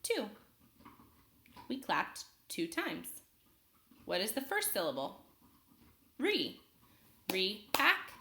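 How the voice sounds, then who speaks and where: A woman teaching a phonics lesson to young children, speaking slowly and clearly and pausing for them to answer. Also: medium pitch, wildly swooping pitch, a bit bright, roomy sound, a little hiss or hum. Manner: slow, clear, patient teacher talk with pauses for students.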